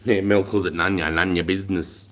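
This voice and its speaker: A very deep-voiced Australian man in his forties hosting a casual livestream. He rambles, swears freely and calls everyone mate. His sentences often trail off into a quieter mutter. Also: steady tone, brisk. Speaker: livestream host.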